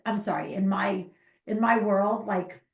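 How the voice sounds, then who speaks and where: A woman in her fifties chatting as a parenting coach, with a gravelly edge in her voice. She talks animatedly and leans hard on her points. The sound is roomy and echoey. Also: medium pitch, measured pace. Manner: animated, emphatic, acts out parents and kids in quotes. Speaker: ADHD parenting coach, podcast guest. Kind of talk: casual interview chat. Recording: echoey room.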